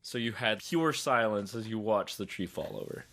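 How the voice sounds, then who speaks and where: A man's voice: lowish voice, expressive, moderate pace, a bit bright. A man running a tabletop game as game master, setting scenes in a loose, descriptive way with lots of hedging fillers.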